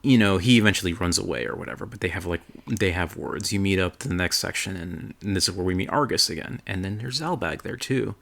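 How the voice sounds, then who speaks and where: Podcast co-host, male, deep gravelly voice, enthusiastic rambler. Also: fast talker, hardly any pauses. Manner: excited, rambling, swears freely. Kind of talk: casual chat recapping a game.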